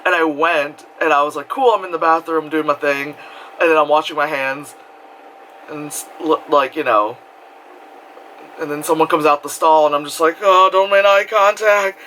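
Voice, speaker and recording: A young man telling a story in casual vlog style, rambling with lots of fillers and breaking into loud screams and laughter. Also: on the high side, fairly even intonation, normal speed, a little hiss or hum, rough recording. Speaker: vlogger.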